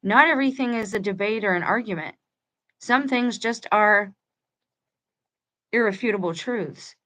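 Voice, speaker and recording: A woman reads passages from a book to her viewers, her voice sitting at a middling pitch. Between passages she drifts into casual, chatty remarks, restarting her sentences as she goes. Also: normal speed, long pauses, fairly bright tone. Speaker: channel host reading a book aloud with commentary. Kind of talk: reading aloud with casual commentary.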